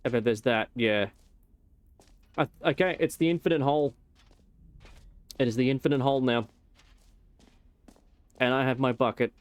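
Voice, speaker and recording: A man's voice: medium pitch, moderate pace, pauses often, no echo. A young man casually rambling and joking while he streams a game, with some swearing. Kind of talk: casual gameplay commentary.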